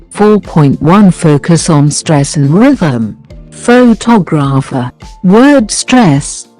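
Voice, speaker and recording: Slow measured lesson voiceover, warm mellow tone, soft music underneath. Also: mid-range voice, rough recording. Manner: reads numbered points and example sentences in a measured, even way. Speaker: English teacher. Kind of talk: scripted lesson narration.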